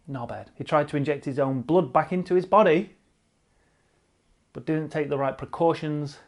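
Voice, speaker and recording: A man's voice: fairly high pitch, measured pace, long pauses, darkish tone. A man hosting casual online cycling news commentary, blunt and sarcastic, swearing freely and repeating himself for emphasis.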